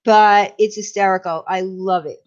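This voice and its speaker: A woman's voice: mid-range voice, fairly even intonation, normal speed. A woman chatting casually as a guest, telling rambling stories with many fillers. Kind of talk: casual chat. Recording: dull lo-fi sound.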